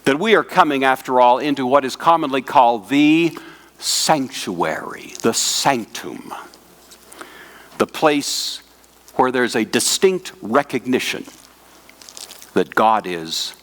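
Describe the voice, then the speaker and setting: A man lecturing to a hall of pastors at a conference, his pitch sitting in an ordinary middle register. He speaks in a measured, teacherly way, asking the audience questions and letting his voice slow and fall on the words he wants to stress. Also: expressive, fairly bright tone. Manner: slows and drops his voice on key words.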